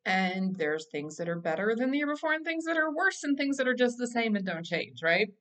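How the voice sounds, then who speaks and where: A woman's voice: on the high side, big pitch swings, brisk, fairly bright tone. Chatty self-amused woman podcast host. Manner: chatty, laughing at herself, many fillers and restarts. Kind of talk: casual solo podcast monologue.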